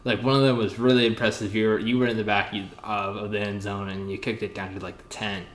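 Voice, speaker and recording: A young man hosting a casual podcast chat, rambling and excitable, full of fillers and restarts. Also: on the low side, fast, a little hiss or hum. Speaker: podcast host.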